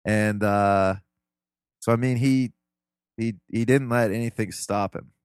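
A man's voice: on the low side, fairly even intonation, unhurried, clean tone, no echo, clean studio sound. A man from Ohio, a podcast guest, telling family stories in a loose, earnest, rambling way. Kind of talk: casual interview storytelling.

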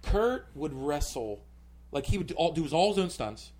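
A man's voice: on the high side, very animated, moderate pace, crowd noise. A male comedian telling a story on a podcast, rambling and full of filler words. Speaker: comedian guest.

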